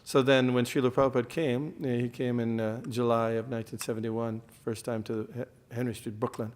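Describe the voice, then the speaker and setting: Male lecturer, mid pitch, teaching a temple class. Explains terms, quizzes the room. Long hall reverb. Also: level tone, brisk, darkish tone. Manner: explains terms, quizzes the audience, frequent fillers and restarts.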